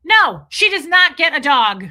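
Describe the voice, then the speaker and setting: Speaking at a measured pace in a high-pitched, sing-song voice with a sharp tone, a woman runs a livestream. She reads comments, chats casually with viewers, and enthuses over favorite films with exclamations and quoted lines.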